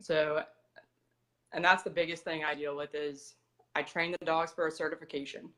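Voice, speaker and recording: A young adult woman with an American accent, a dog trainer, talks as a guest in a casual interview, explaining things matter-of-factly. Her voice sits low, level and a bit bright, at normal speed.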